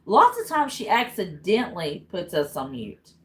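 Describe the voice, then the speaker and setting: Her pitch swoops wildly in a lowish, slightly bright voice as this Tennessee woman livestreams at normal speed. She talks to viewers in a frank, casual Southern way and swears freely, all on poor audio.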